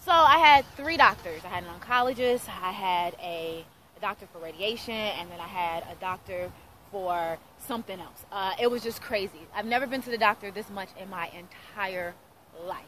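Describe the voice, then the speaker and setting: A woman's voice: mid-range voice, normal speed, sharp tone, poor audio. A woman in her thirties, a radio host, telling her personal testimony in an earnest storytelling way and acting out the voices in her story. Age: 30s.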